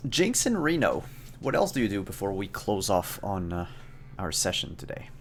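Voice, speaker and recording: Low-voiced man narrating as game master. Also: moderate pace, a little hiss or hum. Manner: relaxed, hesitant narration with many fillers. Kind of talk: narrating a tabletop role-playing game.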